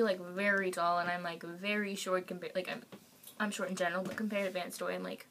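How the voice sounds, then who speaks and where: A young woman telling a story to the camera at home, excited and gushing, with lots of fillers. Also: on the low side, fast, a little hiss or hum. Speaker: vlogger.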